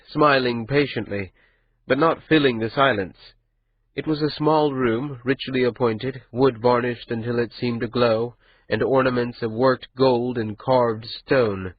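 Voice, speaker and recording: Husky male narrator for a fantasy audiobook, mid pitch, muffled recording. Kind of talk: scripted narration.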